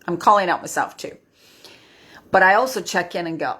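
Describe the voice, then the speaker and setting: Woman, fifties, breathy, lowish voice, live-stream motivational host, earnest, keeps asking "right?". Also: a little fast, long pauses, fairly bright tone. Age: 50s. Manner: earnest, tags lines with "right?". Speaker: midlife wellness host.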